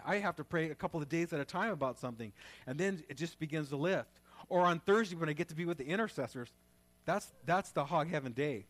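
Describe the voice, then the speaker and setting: Man, high voice, pastor's sermon, casual preaching with loud fervent prayer.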